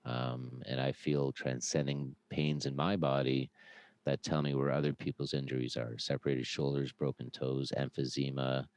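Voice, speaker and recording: A man's voice: extremely low pitch, moderate pace, clean tone, no echo, low-quality recording. A man speaking earnestly as a podcast guest, telling stories with lots of restarts and fillers. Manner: earnest, animated storytelling with many restarts. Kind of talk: casual podcast conversation.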